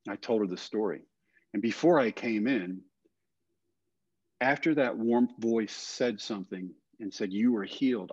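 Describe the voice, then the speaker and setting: An older man with a low voice tells a personal story in an earnest, plain-spoken way, often dropping softly at the ends of phrases. The audio is dry and a little dull, like a lo-fi podcast recording. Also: husky, no room sound. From Texas. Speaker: guest.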